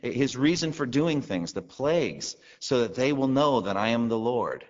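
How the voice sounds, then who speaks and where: A man's voice: mid-range voice, expressive, normal speed. A man preaching a sermon to a congregation, teaching conversationally and asking the listeners rhetorical questions. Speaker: pastor. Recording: long reverb, dull lo-fi sound.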